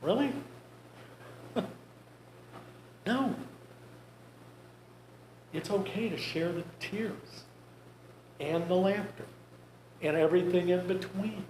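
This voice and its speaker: A man talks to a group in a conversational, wry way, dropping in jokes. His voice sits a little high. The room is echoey, with a faint hiss underneath. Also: takes it slowly, pauses often, a little mellow. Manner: wry, conversational, joking asides. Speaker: grief presenter. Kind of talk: talk to a group. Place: church meeting room.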